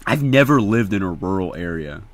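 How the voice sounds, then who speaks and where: A young man from Indiana, chatting casually to viewers on a livestream in an excitable, slangy, profane way. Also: sits low, normal speed, dry recording.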